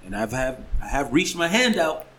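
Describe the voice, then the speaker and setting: A man co-hosting a casual group podcast, laid-back and a little boastful, with drawn-out fillers. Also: mid-range voice, sing-song, a bit bright, rough recording. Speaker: podcast co-host.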